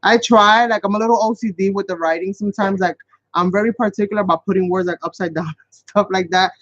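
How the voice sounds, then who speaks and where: A man's voice: high voice, steady tone, fast, fairly bright tone, dry recording. A man hosting a casual live craft tutorial, chatting and rambling as he works and talking straight to his viewers. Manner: chatty, rambling, talks to viewers as "you guys". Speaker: craft channel host. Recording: dull, lo-fi, dry sound.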